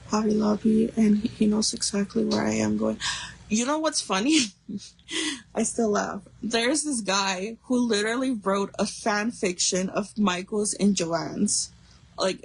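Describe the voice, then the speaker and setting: A young woman with a husky, slightly gravelly voice chatting her way through a craft livestream. She rambles, restarts her sentences and leans on fillers as she works. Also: medium pitch, low-quality recording. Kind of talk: casual livestream chat while crafting.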